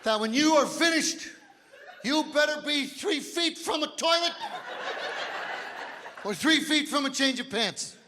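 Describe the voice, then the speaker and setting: A man in his fifties performing a stand-up comedy set, telling big, animated stories on a stage mic in a live hall. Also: extremely high pitch, measured pace, pauses often, a little hiss or hum. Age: 50s. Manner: big animated storytelling, drops to quiet voices for quoted doctor. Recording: live hall with audience laughter.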